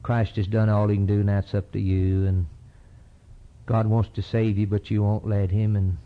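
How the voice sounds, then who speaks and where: Earnest older preacher, lo-fi. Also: male voice, level tone, normal speed. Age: 50s. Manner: earnest, rising to an impassioned high pitch at climaxes. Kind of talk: sermon with closing prayer. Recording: dull lo-fi sermon recording.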